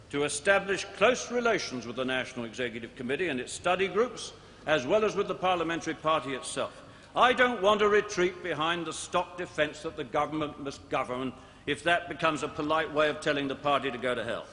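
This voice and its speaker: A man in his sixties, a politician delivering a formal conference speech with measured, deliberate oratory and emphatic repetition. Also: fairly high pitch, expressive, bright, forceful tone. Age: 60s. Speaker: politician addressing a party conference. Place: large indoor conference hall. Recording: archive broadcast, long hall reverb, faint noise.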